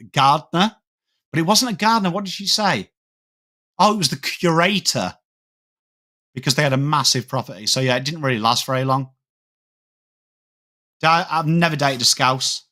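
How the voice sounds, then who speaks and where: Hosting a live sports watchalong, a man in his thirties from England chats with viewers and answers what they post. He has a Yorkshire accent and a medium-pitched voice that comes across bright and forceful.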